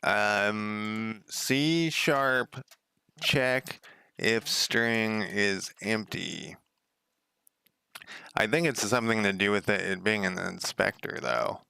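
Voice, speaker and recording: A man's voice: fairly low pitch, lively intonation, slow pace, gravelly, sharp tone, clean tone, dry recording, studio quality. A young man casually thinking aloud while coding on a stream, muttering to himself with wry asides and the odd swear. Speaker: game developer streaming.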